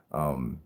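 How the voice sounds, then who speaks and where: A man co-hosting a casual live stream, telling a story excitedly and swearing constantly.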